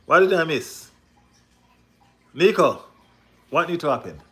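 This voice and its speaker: Excitable man ranting. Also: on the high side, measured pace. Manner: excitable, repeats himself, rhetorical questions. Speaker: football livestream host. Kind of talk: casual livestream rant.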